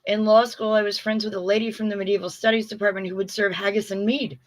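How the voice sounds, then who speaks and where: A woman's voice: mid-range voice, flat delivery, fast talker. A middle-aged woman hosting a livestream in casual chat, effusive and chatty as she reads viewer comments aloud. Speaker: livestream host.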